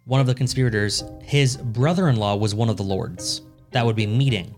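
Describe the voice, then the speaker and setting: A man's voice: mid-range voice, brisk, a little mellow, soft background music. A man co-hosting a podcast, telling a history story in a casual, profane way and laughing often.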